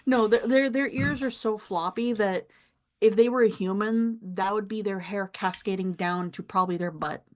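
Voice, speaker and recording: A young adult woman narrating as game master, describing scenes with pauses and easy laughs. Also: medium pitch.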